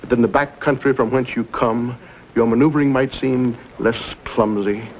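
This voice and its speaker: An actor playing a scheming villain who speaks with smooth, mocking courtesy. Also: male voice, mid-range voice, fairly even intonation, moderate pace, close to an everyday voice. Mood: menacing. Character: suave scheming male villain in silken gloves. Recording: dull old TV audio with faint hiss.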